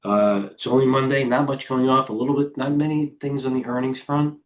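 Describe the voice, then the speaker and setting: A middle-aged man hosting a live trading stream, firing off quick stock calls and muttering to himself as he trades. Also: mid-range voice, fairly even intonation. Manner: rapid-fire ticker calls, talks to himself. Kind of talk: live market commentary while trading.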